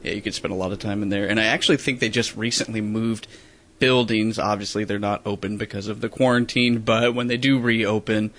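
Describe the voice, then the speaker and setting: A man co-hosting a podcast, chatting in a relaxed way and throwing in dry quips. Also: lowish voice, brisk. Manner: laid-back, adds dry quips. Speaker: podcast co-host. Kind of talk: casual podcast chat.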